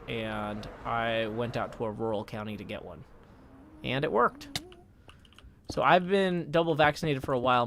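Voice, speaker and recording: A man in his thirties chatting casually on a live game stream, scattered and quick to mock-indignant outbursts. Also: mid-range voice, fairly bright tone, a little hiss or hum.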